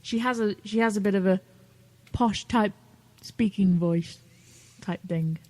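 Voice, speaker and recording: A woman's voice: mid-range voice, a little slow, darkish tone. A British woman co-hosting a casual radio chat, laughing often and swearing freely. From Britain. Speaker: co-host.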